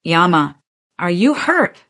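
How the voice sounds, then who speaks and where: A woman's voice: takes it slowly, full character voice. A woman voicing a cold Korean crime boss. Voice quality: low, flat, clipped.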